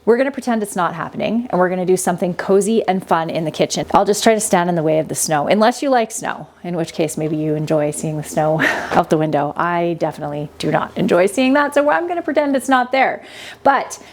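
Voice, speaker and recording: A woman hosting her own homesteading kitchen vlog, chatty and quick to laugh, recorded in her home kitchen. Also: on the low side, animated. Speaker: homesteading channel host. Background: faint compressor and power tools.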